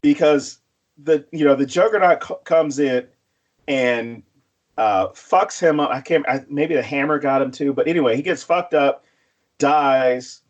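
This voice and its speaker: A man co-hosting a podcast, rambling casually about a horror film, swearing and acting out lines from it. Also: medium pitch. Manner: rambling, profane, acts out quotes. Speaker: podcast co-host.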